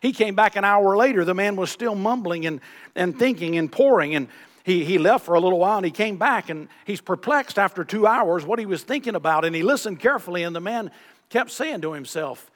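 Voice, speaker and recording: A man's voice: sits high, expressive, fairly quick. A man preaching a sermon, reciting scripture in old-fashioned wording and drawing out key words for emphasis. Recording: long reverb of a large hall.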